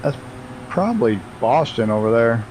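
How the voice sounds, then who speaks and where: A man chatting loosely over a live stream as he flies, cursing often and cracking up at himself. His voice sits at an everyday middle pitch, with a faint hum running behind him. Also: big pitch swings, moderate pace, a little mellow, rough recording. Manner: profane, laughs at himself, talks to chat while flying. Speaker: flight sim streamer. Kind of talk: casual live-stream commentary.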